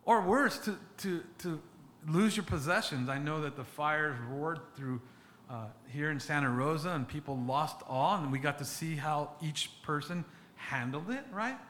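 A man preaching a sermon as a pastor, speaking earnestly and haltingly, often restarting and repeating words. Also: on the high side, fairly bright tone, a little hiss or hum.

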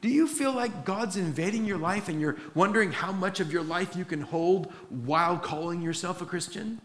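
A man's voice: high-pitched, moderate pace, hardly any pauses, a little hiss or hum. Earnest preacher type, man, roomy church sound. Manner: earnest preaching with put-on voices of doubters. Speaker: pastor. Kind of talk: sermon.

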